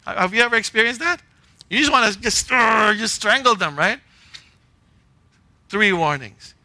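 A man delivers a conversational sermon in a fairly high, sharply bright voice. He speaks in short, punchy phrases, often turning to the congregation with "right?" and "okay?" to keep them with him. The sound is close and dry, with no room echo. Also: animated, normal speed, long pauses. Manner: checks in with listeners, often asking "right?" and "okay?". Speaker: pastor. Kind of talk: conversational sermon with a personal story.

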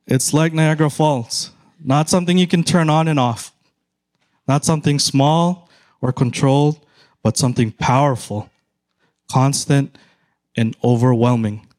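Filipino-accented middle-aged preacher, unhurried delivery, mid-pitched male voice. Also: a little mellow. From Philippines. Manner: slow, measured, emphatic repetition. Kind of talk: sermon.

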